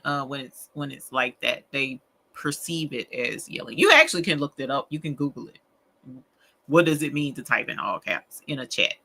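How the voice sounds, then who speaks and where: A woman's voice: very deep voice, very animated, moderate pace, bright, forceful tone, breathy edge. A woman hosting a late-night crafting livestream, chatting to viewers in a rambling, folksy way and laughing often. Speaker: livestream host of a rhinestone crafting show.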